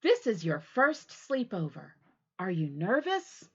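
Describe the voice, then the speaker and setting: Woman doing a bright caring mother frog. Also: mid-range voice, wildly swooping pitch, takes it slowly, husky, dull audio, exaggerated voice. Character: kind patient mother frog.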